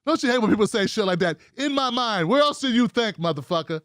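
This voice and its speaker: A male vlog host giving political commentary, profane and mocking. His voice sits high for a man and swings widely, and he speaks slowly with a dry, close sound. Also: lively intonation, no echo.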